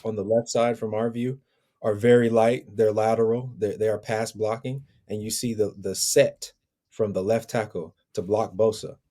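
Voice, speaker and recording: A man joining a podcast as a guest analyst, breaking down football film in a measured, analytical way. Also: lowish voice, fairly even intonation, warm tone. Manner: measured, analytical, chuckles between points.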